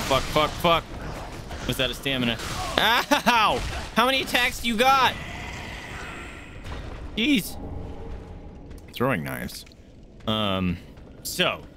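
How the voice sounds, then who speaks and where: A young man giving live commentary as he plays a game, reacting loudly and swearing often, yelping when startled. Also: fairly high pitch, huge pitch swings, slow, pauses often, background noise. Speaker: streamer playing a game.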